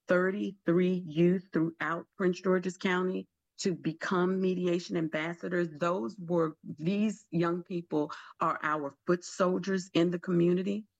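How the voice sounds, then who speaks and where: A hoarse woman with a naturally deep voice, rough and gravelly, speaking as a guest in a radio interview. She explains things earnestly and steadily. The sound is dull and muffled. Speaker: radio guest, community mediation leader.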